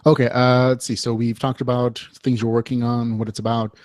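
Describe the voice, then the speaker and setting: A man's voice: medium pitch, little pitch movement, fairly quick, darkish tone, no echo, clean studio sound. A man hosting a podcast interview, talking casually and a little hesitantly. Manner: hesitant, casual, with fillers and restarts. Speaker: podcast host.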